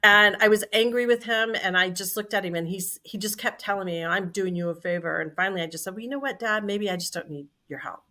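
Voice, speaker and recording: Bright-voiced woman in her 60s telling stories. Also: medium pitch, fast, hardly any pauses. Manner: lively anecdotal storyteller, acts out quoted dialogue. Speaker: company CEO. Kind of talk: storytelling in conversation.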